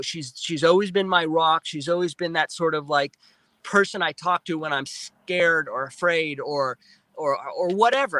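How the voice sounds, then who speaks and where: A male guest on a live interview recounting a personal experience in animated storytelling, restarting and repeating words often and acting out his own remembered speech. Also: fairly high pitch, dry recording, poor audio. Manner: excited retelling with frequent restarts and repeated words; acts out his own past speech in quotes. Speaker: guest, film producer.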